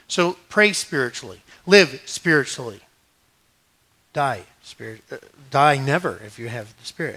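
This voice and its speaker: Bright high-pitched male preacher. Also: lively intonation, fairly quick. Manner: swings from hushed to emphatic, paraphrases scripture conversationally. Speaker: pastor. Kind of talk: sermon.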